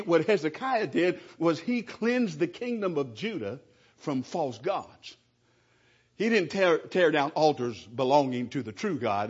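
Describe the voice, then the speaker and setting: A man preaching a sermon as a pastor, animated and often stumbling over restarts. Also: fairly high pitch, slightly rough, muffled recording.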